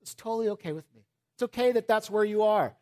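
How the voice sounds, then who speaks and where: Animated male preacher, dramatic swings. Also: high-pitched, fast talker. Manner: animated, acts out quoted voices, drops to soft pleading. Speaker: pastor. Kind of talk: sermon.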